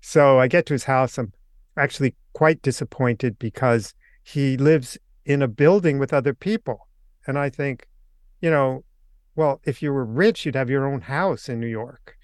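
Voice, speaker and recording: An older man, a podcast guest, telling an anecdote in a casual, lively way and acting out the quoted lines. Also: mid-range voice, moderate pace, clean tone, no echo, studio quality. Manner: animated anecdote teller, acts out quotes. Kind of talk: casual storytelling.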